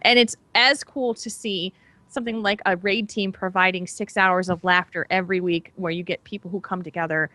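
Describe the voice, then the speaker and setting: A woman's voice: on the low side, a bit bright, no echo. Enthusiastic woman podcast co-host, dry sound. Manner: enthusiastic, gushing. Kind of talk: casual podcast chat.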